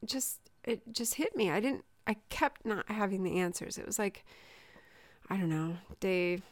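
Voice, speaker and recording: A woman's voice: mid-range voice, animated, moderate pace, no echo. A woman in her forties, a mother from Southern California, telling a personal story in a candid, emotional way with many fillers in a casual chat.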